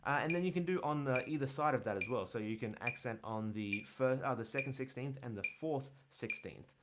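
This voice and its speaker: A man teaching bass in a casual livestream, rambling with lots of fillers as he answers questions. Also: a little fast, noisy background. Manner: relaxed, rambling, many fillers, counts and scats rhythms aloud. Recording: bass guitar playing behind.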